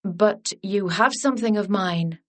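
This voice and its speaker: Woman doing a suave nobleman, dropped low, chatty and easy, slow delivery. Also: lightly acted. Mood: teasing. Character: deep-voiced charming male lord, teasing.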